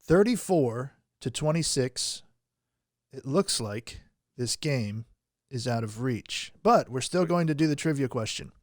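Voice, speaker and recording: A man's voice: medium pitch, animated, unhurried, no echo, studio quality. A man hosting a comedic game show over a phone call, teasing his players and laughing often.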